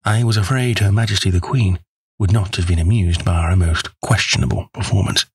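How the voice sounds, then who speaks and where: A man narrating an audiobook in the first person, measured and wry. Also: low-pitched, steady tone, slightly rough, no room sound.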